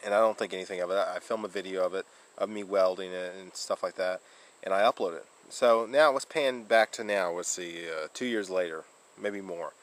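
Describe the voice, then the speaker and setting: A man's voice: low voice, a little fast, rough recording. A man vlogging casually, rambling through a story with fillers, restarts and laughs.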